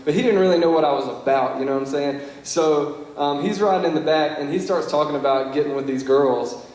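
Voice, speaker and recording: In a large banquet hall with heavy, long-lasting echo, a young Young Life leader delivers an earnest storytelling talk that's conversational and laced with "you know" and "like." His voice is fairly high-pitched with a darkish tone, and he moves fairly quickly.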